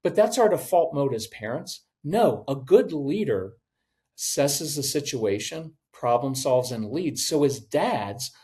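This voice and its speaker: A middle-aged man, a parenting educator, giving direct coaching advice in a podcast interview and acting out parents and kids in quick voices. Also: mid-range voice, expressive, darkish tone.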